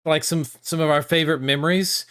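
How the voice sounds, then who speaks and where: A man's voice: a little high, fairly even intonation, fairly quick, fairly bright tone, smooth. Easygoing man co-hosting a podcast. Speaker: podcast co-host. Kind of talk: casual podcast chat.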